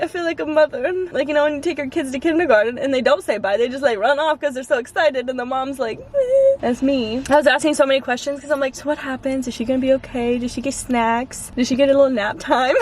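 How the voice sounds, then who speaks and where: A young woman vlogger telling stories casually from a car, animated and laughing often, acting out what people said. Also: high-pitched, a little fast. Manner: animated storyteller, laughs often, acts out quotes. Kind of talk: casual vlog chat in a car. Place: inside a car. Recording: car interior with clear road noise. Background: road noise.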